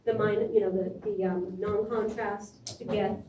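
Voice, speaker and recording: A middle-aged woman, an imaging instructor, gives a classroom lecture in a conversational style, frequently checking in with "okay?". Her voice is mid-range and dark-toned, with fairly even intonation and an unhurried delivery. The recording sounds distant in an echoey room, with slight background noise.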